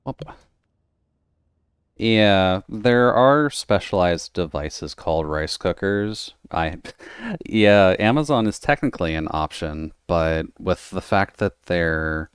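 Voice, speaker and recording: Male streamer, very low and smooth, rambling chat with frequent laughs. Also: expressive, slow, dry recording, studio quality. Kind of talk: casual chat while gaming.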